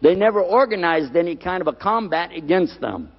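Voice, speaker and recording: An older man preaching a lecture, animated, putting questions to the audience and repeating key words. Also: high-pitched, a little fast, in a large hall, muffled recording. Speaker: Islamic preacher.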